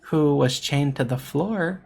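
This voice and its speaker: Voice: mid-range voice, takes it slowly, creaky, darkish tone, husky. A VTuber commentator giving an opinionated monologue critique of a game. The speaker stresses points by repeating them and often corrects themselves mid-sentence with filler words.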